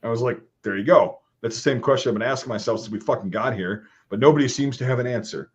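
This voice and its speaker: A man in a loose, foul-mouthed chat, spinning army anecdotes and putting on voices for the people in them. His voice sits at an ordinary pitch, and the recording sounds a little dull and lo-fi. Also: quick pace. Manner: swears freely, animated storytelling with voiced quotes. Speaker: podcast host and army veteran. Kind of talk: casual profane chat and war stories. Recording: slightly dull lo-fi audio.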